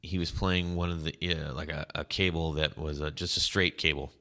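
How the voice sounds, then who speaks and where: A man's voice: rumbling low, steady tone, bright, forceful tone. A man co-hosting a guitar podcast in casual, rambling chat, breaking off and restarting his sentences. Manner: rambling, halting, laughs often. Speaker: podcast co-host.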